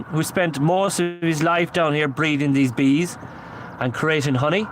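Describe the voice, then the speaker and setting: A man's voice: on the high side, a little slow, low-quality recording. Earnest man calling out to spirits. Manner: repetitive, earnest pleading calls. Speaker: paranormal investigator. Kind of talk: solo ghost-hunting vlog, calling out to spirits. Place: outdoors at night, seated on a memorial bench. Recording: outdoor recording with steady traffic noise.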